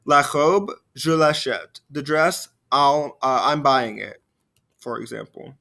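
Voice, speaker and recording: A man teaching a recorded French grammar lesson. He explains step by step, slows down to model the French phrases, and drops quietly at the ends of phrases. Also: mid-range voice, creaky. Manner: frequent fillers, trails off quietly at phrase ends.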